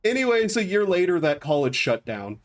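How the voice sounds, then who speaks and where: A young man streaming a game, telling a rambling story with frequent laughs and flat acted-out quotes. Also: high voice, normal speed. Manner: rambling, laughs often, acts out quotes flatly. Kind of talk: casual storytelling while gaming.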